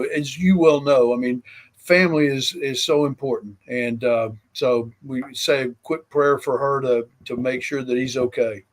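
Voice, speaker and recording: A man in his sixties, a longtime football coach, talking as a guest in an earnest, rambling way with lots of fillers. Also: mid-range voice. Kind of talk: casual interview chat.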